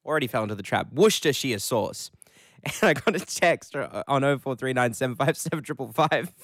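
A man's voice: medium pitch, expressive, brisk, fairly bright tone, no room sound, clean studio sound. A man with an Australian accent hosting a morning radio show, chatting casually and laughing often through his stories. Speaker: radio host.

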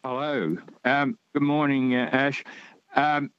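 A man's voice: mid-range voice, fairly even intonation, takes it slowly, clear, resonant tone, dry recording, highs cut off. A man from Australia calling in to a radio show, talking in a rambling, hesitant way with many fillers. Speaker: caller. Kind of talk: radio call-in chat.

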